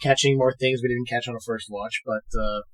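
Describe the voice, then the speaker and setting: A man's voice: mid-range voice, steady tone, brisk. A man co-hosting a podcast, casually retelling a movie scene by scene and swearing freely. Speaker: podcast co-host. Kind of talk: casual movie recap chat.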